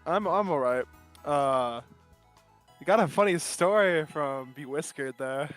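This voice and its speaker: A man's voice: fairly high pitch, a little slow, a bit bright, faint music behind. A man telling a long casual story while gaming, rambling and laughing often. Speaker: gamer streaming with a co-host.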